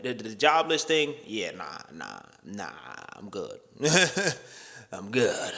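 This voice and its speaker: A man's voice: medium pitch, pushed and bright, long reverb tail. A young man talking bluntly into the camera in a casual opinion monologue. He swears freely and keeps asking "right?" and "you know what I'm saying". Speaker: vlogger.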